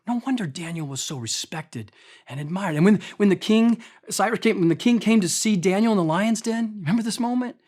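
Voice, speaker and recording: Guy pastor giving a chatty sermon, really expressive voice, keeps talking right to the room. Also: high voice. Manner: animated, talks straight to the congregation with quick repeats. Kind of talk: conversational sermon.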